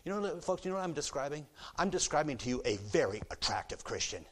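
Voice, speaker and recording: A man preaching a sermon in a church auditorium, shifting between quiet storytelling and loud, fervent exhortation. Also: medium pitch, big pitch swings, fairly quick. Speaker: visiting preacher.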